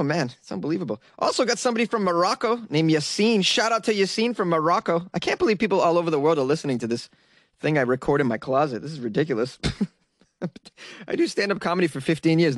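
A man's voice: a little high, dry recording. Chatty man hosting from a dry closet. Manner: rambling, chatty, laughs often. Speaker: podcast host. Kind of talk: casual monologue. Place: home closet.

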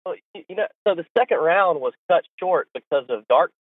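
A man's voice: fairly high pitch, expressive, fairly quick, no echo. A man hosting a podcast, chatting casually and restarting his sentences. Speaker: podcast host. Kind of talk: casual chat. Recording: phone-like line, dry.

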